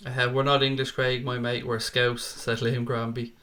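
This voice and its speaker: A young man hosts a football fan stream in a bright, forceful voice. He reads viewer comments aloud in an easy, chatty way and calls everyone mate or pal. His casual, informal delivery sounds like a live stream. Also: medium pitch, flat delivery, moderate pace.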